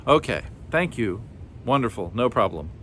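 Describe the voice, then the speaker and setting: A man's voice: mid-range voice, very animated, fairly bright tone, slight background noise. A man reading a storybook aloud, voicing a small, nervous, whiny male flea. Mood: flustered. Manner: whiny, fast-talking when flustered.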